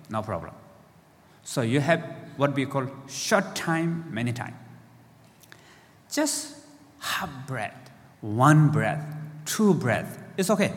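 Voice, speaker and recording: A man's voice: mid-range voice, long reverb tail. A man teaching meditation to a live audience in simple, playful phrases, checking in with questions.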